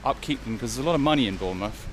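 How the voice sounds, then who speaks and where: This English vlogger talks very fast with lively intonation as he walks a beach, his medium-pitched voice carrying a rambling stream of opinions. Slight background noise is present.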